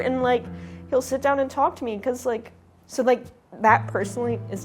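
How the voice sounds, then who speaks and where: A woman's voice: a little high, fairly even intonation, moderate pace. A young woman in a documentary interview, explaining how she makes fursuits in a chatty way, filling her talk with "like". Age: young adult. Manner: chatty, peppered with "like". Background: background music.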